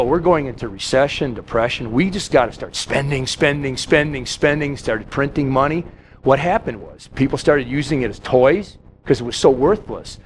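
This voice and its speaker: Guy preaching, jumps into little voices for stories, swoopy delivery, faint hiss behind. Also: a little high. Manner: storytelling with quick acted-out quotes. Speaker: pastor. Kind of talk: sermon.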